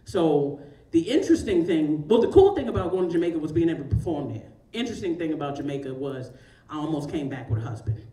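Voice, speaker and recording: A woman's voice: deep voice, lively intonation, fast, few pauses, dark tone. A woman in her forties from Baltimore, Maryland, doing a stand-up comedy set in front of a live audience, brash and profane and laughing often. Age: 40s. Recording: echoey room, mic at a distance, noisy.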